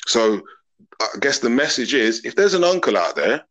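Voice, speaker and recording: A man's voice: mid-range voice, big pitch swings, normal speed, fairly bright tone, poor audio. A man, a podcast guest talking openly and earnestly in long reflective thoughts. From England. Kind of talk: open casual conversation.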